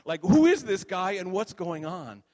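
A man's voice: on the high side, huge pitch swings, normal speed, darkish tone, breathy edge, no echo, voice pushed up, exaggerated voice. A small angel, baffled and anxious, asks what is going on and sounds a little raised and urgent. A preacher puts him on while retelling a dream in a sermon. The voice stays close to an ordinary man's. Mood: bewildered. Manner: baffled, questioning.

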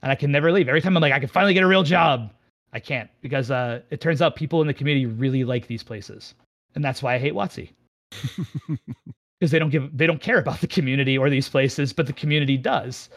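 A man who owns a game shop, telling a candid story in casual chat, animated and self-mocking, rambling with restarts. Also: medium pitch, fast. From Pittsburgh area, United States. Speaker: game shop owner, podcast guest.

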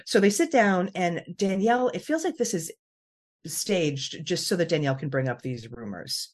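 A woman with a slightly low voice hosts a podcast in a relaxed, chatty way. She laughs often and breaks up her sentences with fillers and restarts. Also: moderate pace. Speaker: podcast host. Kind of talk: casual chat.

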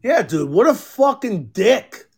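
A man with a very high voice hosts a casual podcast. He tells stories in an animated, profane way. He often acts out other people in a loud voice. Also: slow pace, slightly rough. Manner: profane, animated storytelling, mimics others loudly. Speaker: podcast host.

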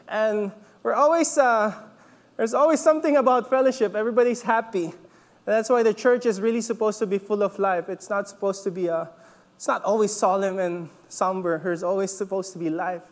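A man leading a church service, preaching in a relaxed, joking way and often checking in with the congregation. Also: high-pitched, brisk, in a large hall. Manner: chatty, laughs often, checks in with "okay?". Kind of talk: casual sermon with jokes. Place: church hall.

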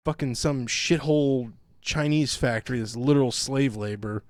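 A man's voice: medium pitch, normal speed, dry recording. Sarcastic profane man, dry close mic. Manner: sarcastic, mocks others in put-on quotes. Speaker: podcast co-host. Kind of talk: profane casual rant.

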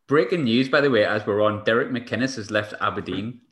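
A man's voice: lowish voice, brisk, fairly bright tone. Chatty laughing podcast host, man. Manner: chatty, laughs often, restarts sentences. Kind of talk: casual chat.

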